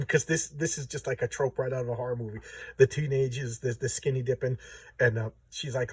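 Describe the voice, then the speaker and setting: A man's voice: medium pitch, fairly quick, husky, dry recording. A man casually retelling a comic's plot in a rambling, stammering way. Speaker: comic book reviewer.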